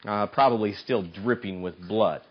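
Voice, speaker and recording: A man preaching a sermon, telling a story in an animated way and often repeating words as he restarts. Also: lowish voice, moderate pace, breathy edge, muffled recording.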